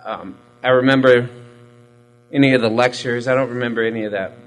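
A man's voice: mid-range voice, steady tone, brisk, rough recording. A man giving a candid, profane personal testimony in a rambling, self-mocking way, full of fillers. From Hispanic military family background. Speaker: recovery storyteller.

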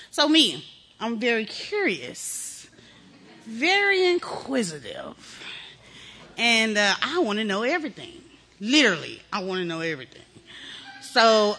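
A middle-aged woman from Texas giving a candid, animated personal testimony full of slang. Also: medium pitch. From Texas, USA. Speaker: speaker sharing recovery testimony.

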